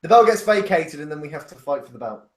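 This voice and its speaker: A man's voice: a little high, expressive, fast, distant mic. A man co-hosting a casual chat, boastful and laughing, swearing often. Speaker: podcast co-host. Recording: echoey room.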